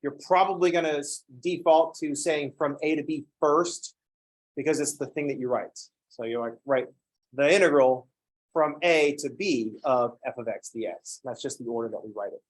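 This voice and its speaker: A man's voice: a little high, moderate pace. A man teaching a college math class in a classroom, lecturing with wry jokes and playful asides.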